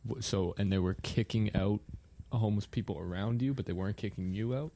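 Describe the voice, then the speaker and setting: Low, mellow male podcast host. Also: a little fast. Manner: calm, brief questions and reactions. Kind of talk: interview podcast.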